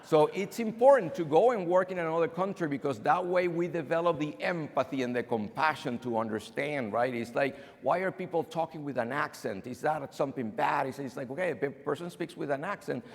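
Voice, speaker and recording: A man's voice: a little high, a little fast, hardly any pauses. A man from abroad giving a conference talk, telling stories and acting out the people in them. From outside the US. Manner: animated storyteller acting out dialogue. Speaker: keynote speaker. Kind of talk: conference talk with acted anecdotes. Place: banquet hall. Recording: long hall reverb.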